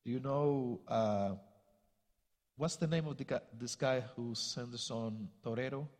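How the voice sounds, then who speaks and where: Slow Spanish-accented man preaching in a hall. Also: medium pitch. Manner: halting, searching for words, acts out quotes. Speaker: guest speaker, missionary. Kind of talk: sermon storytelling. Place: church.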